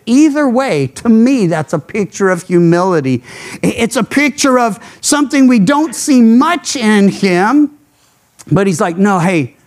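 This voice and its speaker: A man preaching a radio sermon, teaching through a Bible passage in a conversational, folksy storytelling way with casual asides. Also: sits high. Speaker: pastor.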